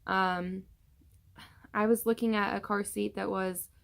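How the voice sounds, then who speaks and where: Tired, rambling young woman with heavy vocal fry. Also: mid-range voice, steady tone, measured pace. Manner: chatty and rambling, many fillers. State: tired, yawning often. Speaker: vlogger. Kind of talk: casual pregnancy update vlog.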